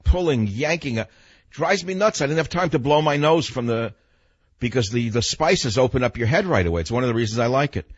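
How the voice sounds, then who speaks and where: A man's voice: mid-range voice, lively intonation, fairly quick, breathy edge, no room sound, muffled recording. An older man from New York hosting a radio talk show, telling a story in a blunt, emphatic monologue.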